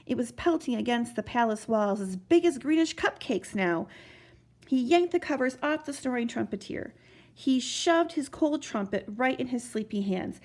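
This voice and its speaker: A woman's voice: on the high side, moderate pace. A woman expressively reading a children's storybook aloud. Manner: expressive, animated narration.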